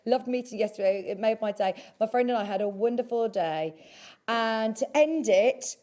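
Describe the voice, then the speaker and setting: A woman's voice: a little high, lively intonation, moderate pace, mellow. A woman presenting a live shopping show, chatty and gushing as she reads out viewer messages. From England. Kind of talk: live sales chat. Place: TV studio.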